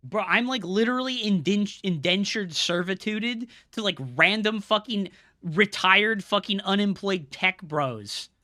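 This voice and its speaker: A male live game streamer and coach speaks straight to his viewers, ranting angrily at chat with heavy swearing and scolding. His high voice is bright and pushed forward, a little slow in pace. The sound is dry with almost no room around it and no echo.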